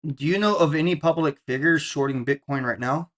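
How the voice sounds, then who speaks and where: A man's voice: on the high side, a little fast, a bit bright. A man streaming live, talking casually and asking questions with a dry, wry manner. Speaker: streamer and crypto trader.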